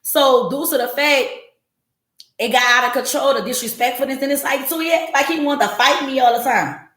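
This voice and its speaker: Woman in her forties, blunt and profane, slightly high voice, echoey room. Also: normal speed. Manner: blunt, profane and animated, jumping into quoted voices. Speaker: podcast host. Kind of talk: casual monologue to a live audience.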